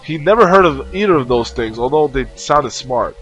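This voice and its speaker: A man's voice: medium pitch, animated, normal speed, few pauses, a bit bright, soft background music, rough recording. A man reading a game aloud as host of a let's play, stumbling over words and mocking himself. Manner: stumbling, self-mocking, laughing often. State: cold. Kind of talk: casual narrated game reading.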